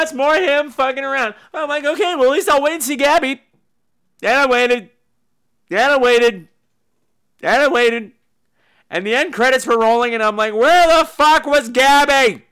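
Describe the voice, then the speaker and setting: A man's voice: very high voice, big pitch swings, moderate pace, pauses often, pushed and bright, clean tone. A man hosting a podcast, reviewing movies in a profane, sarcastic comedic rant. He swears freely and mimics the people he talks about. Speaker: podcast host reviewing films.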